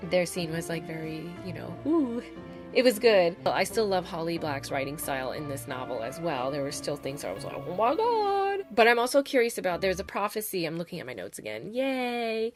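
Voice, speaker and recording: Her voice sits on the low side, with lively intonation and a fairly quick pace, over music. The woman casually reviews a novel on her channel, spoilers and all, gushing with plenty of "like" and "oh my God."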